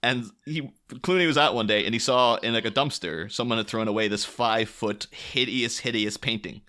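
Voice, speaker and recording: Podcast co-host, male, bright tone, loose rambling storyteller who acts out the people he quotes. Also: mid-range voice, normal speed. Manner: rambling anecdote with acted-out quotes, many fillers. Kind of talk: casual storytelling chat.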